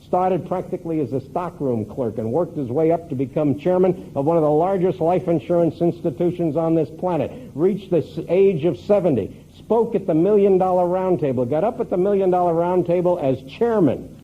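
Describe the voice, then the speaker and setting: A man giving an emphatic seminar talk to a live audience, telling stories and swinging from loud to soft for effect. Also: on the high side, normal speed, hardly any pauses. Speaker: motivational speaker. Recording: tinny phone-like lo-fi recording with faint hiss.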